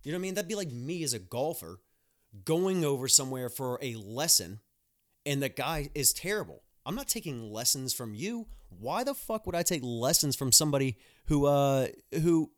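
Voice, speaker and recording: A man's voice: medium pitch, expressive, normal speed. A young man, a nurse hosting a podcast, talking in a blunt, profane, ranting monologue with mocking asides. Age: young adult.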